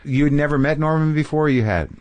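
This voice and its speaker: A man's voice: fairly high pitch, quick pace, a little mellow. Conversational male podcast host. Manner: conversational, frequent short affirmations. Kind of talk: casual interview. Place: garage studio.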